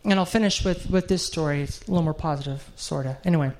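A man's voice: fairly high pitch, fast, a little mellow. A middle-aged man preaching a sermon, telling a heartfelt story in an earnest way and closing in prayer.

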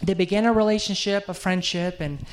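A man's voice: high voice, steady tone, fairly quick. A middle-aged man preaching a sermon, telling a heartfelt story in an earnest way and closing in prayer.

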